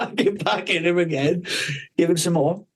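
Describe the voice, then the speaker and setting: A man, hosting a podcast, who tells a rambling, animated story, swearing constantly and laughing partway through. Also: high voice, normal speed, breathy edge, low-quality recording. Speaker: podcast host. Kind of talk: casual storytelling chat.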